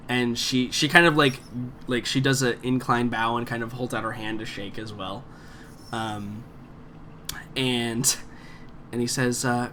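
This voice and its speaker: Game master, male, bright voice; loose, rambling narration full of fillers. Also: medium pitch, steady tone, slow pace, long pauses, a little hiss or hum. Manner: rambling, many fillers and restarts.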